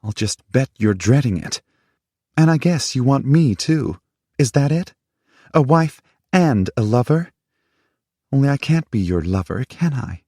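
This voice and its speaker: A man reading an audiobook, voicing a furious young woman with a sharp, accusing, high-pitched delivery. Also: very animated, takes it slowly, slightly rough, no echo, clean studio sound, exaggerated voice. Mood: angry. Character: furious young woman, time-displaced lover. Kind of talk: audiobook character voice.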